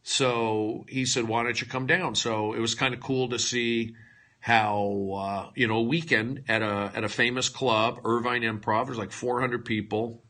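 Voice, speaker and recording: Speaking a little slowly with a medium pitch and steady tone, a male comedian wanders through a livestream monologue. He swings between loud outbursts and quiet mutters, adding mock-dramatic, self-deprecating asides into a phone.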